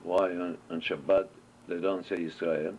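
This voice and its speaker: A man's voice: low-pitched, level tone, moderate pace, a little mellow. A man with teaching a Torah class, asking questions and answering them as he tells stories. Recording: dull lo-fi recording with faint noise.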